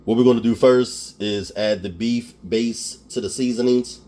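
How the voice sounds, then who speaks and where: A man with a Philadelphia accent walks viewers through a recipe in an easygoing way. His pitch sits in the middle for a man. He chats loosely, pokes fun at his own speech and keeps asking "okay?" as he goes. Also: steady tone, moderate pace, mellow. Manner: chatty, laughs at himself, keeps asking "okay?". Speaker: cooking show host. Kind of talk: casual cooking tutorial.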